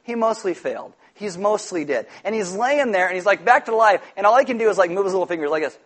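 A man preaching a sermon, animated and jokey, telling stories with loud shouted impressions. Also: sits high, fast talker. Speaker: pastor.

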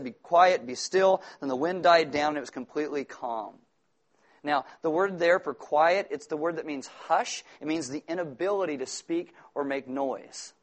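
Man preaching in a conversational way. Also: fairly high pitch. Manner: conversational preaching, rising to emphatic repetition. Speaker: pastor. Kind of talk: sermon.

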